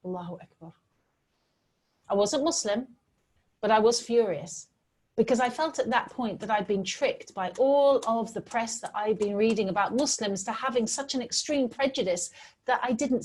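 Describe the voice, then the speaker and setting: A middle-aged woman from Britain giving a talk with slides, telling stories in an earnest, animated way. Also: a little high, normal speed, slightly rough. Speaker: public speaker.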